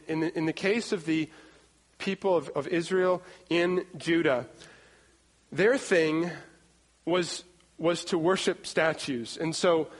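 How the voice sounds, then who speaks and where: A man in his thirties preaching a sermon in an animated way, acting out scenes and repeating words as he goes. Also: sits high. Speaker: pastor. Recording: long hall reverb.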